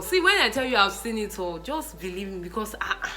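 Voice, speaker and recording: A young Nigerian woman tells funny stories to camera with a bright, crisp voice. She talks in an animated way and keeps breaking into laughter and exclamations. Soft music plays faintly behind her. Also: mid-range voice, a little fast, rough recording. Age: young adult. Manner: animated, laughing, mixes in pidgin and Yoruba exclamations. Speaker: vlogger. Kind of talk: casual storytelling vlog.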